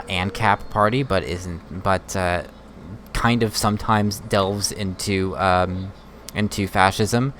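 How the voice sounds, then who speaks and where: A man streaming casual political commentary, rambling and halting with many fillers. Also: deep voice, a bit bright, a little hiss or hum. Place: home streaming setup.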